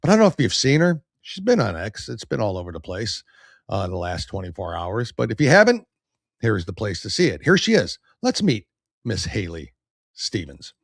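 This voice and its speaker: A man's voice: fairly low pitch, huge pitch swings, moderate pace, no echo, studio quality. A man hosting a podcast, giving blunt, opinionated political commentary and reading viewer comments aloud. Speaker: podcast host.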